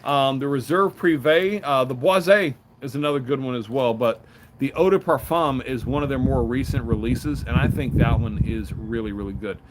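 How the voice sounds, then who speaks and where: A man's voice: medium pitch, moderate pace, slight background noise. A man in his thirties chatting casually on a home live stream, rambling and openly emotional. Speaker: live stream host reviewing fragrances.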